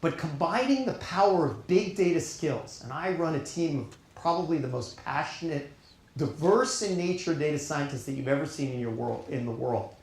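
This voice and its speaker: A middle-aged man with a New York accent giving an earnest, emphatic keynote speech at a conference, pausing deliberately for weight. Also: fairly high pitch, animated, a little hiss or hum. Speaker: keynote speaker. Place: conference hall on stage. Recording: echoey conference hall.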